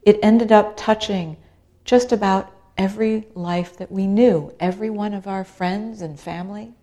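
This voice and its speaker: A middle-aged woman, an author, tells a personal story in a talk with rhythmic repetition and lively shifts as she acts out other people's words. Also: mid-range voice, moderate pace. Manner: animated storyteller, acts out quoted voices; repeats phrases for rhythm. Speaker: author and speaker.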